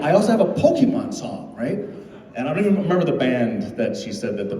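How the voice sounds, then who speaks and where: A man's voice: medium pitch, fast. A middle-aged man telling comedy stories on a convention stage, laughing and acting out the voices of people in his stories. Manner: animated, laughing, acts out quoted voices. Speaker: stand-up comedian. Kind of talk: stand-up storytelling. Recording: echoey hall from far off.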